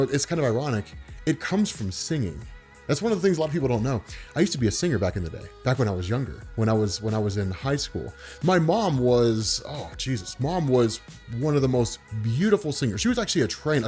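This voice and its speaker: A man vlogging in a relaxed, unhurried way, with a voice that carries and commands attention, spoken from the diaphragm. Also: medium pitch, soft background music. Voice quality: carrying, commanding voice. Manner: calm, laid-back, unhurried; speaks from the diaphragm. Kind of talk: relaxed talk to camera.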